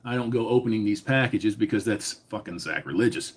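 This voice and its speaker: A man's voice: on the low side, brisk, slightly rough. Profane, rambling man on a live stream. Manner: profane, rambling, reads chat names aloud. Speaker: livestream host. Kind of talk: casual live-stream chat.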